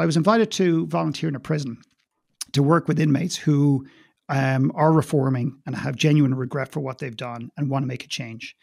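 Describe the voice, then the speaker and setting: A man's voice: fairly high pitch, a little fast, gravelly, darkish tone, no room sound, studio quality. A man with an Irish accent, a guest in a podcast interview, talking passionately and bluntly, swearing and repeating words as he goes.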